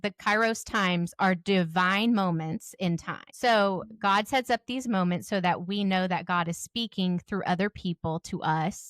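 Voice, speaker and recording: A woman's voice: on the low side, no echo. Affirming female podcast host, dry sound. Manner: warm affirming listener, reads quotes from the guest's book. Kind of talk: casual interview.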